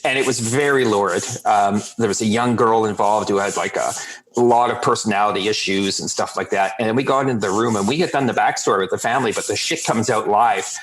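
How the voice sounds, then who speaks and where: A man who works as a sober coach, telling blunt, profane stories in a calm, steady way as a podcast guest. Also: lowish voice, brisk, low-quality recording. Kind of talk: casual podcast storytelling.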